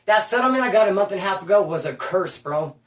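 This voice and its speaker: A man from Bakersfield telling prison stories at home, animated and slangy, calling the listener bro and dude. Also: high voice, quick pace, far from the mic. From Bakersfield, California. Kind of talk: casual storytelling. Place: at home, indoors. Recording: roomy room, from off mic.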